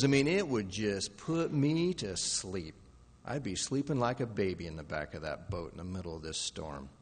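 A man preaching a sermon with dramatic shifts from soft, low passages to loud, pleading outbursts. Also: long reverb tail. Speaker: pastor.

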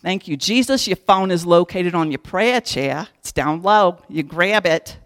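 A woman's voice: lowish voice, a little slow. A woman giving a casual devotional Bible teaching in a folksy, humorous way, talking straight to her listeners.

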